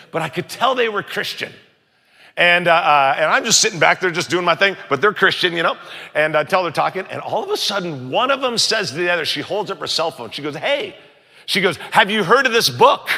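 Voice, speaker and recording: A middle-aged man, a pastor, telling a story in a sermon and acting out the other voices with animated raised lines. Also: sits high, creaky. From United States. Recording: long hall reverb.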